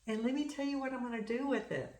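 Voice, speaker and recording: A middle-aged woman from the United States, hosting a crafting vlog and chatting excitedly about her shopping. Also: high-pitched, fast talker. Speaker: flosstube host. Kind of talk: casual crafting vlog chat. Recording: echoey room.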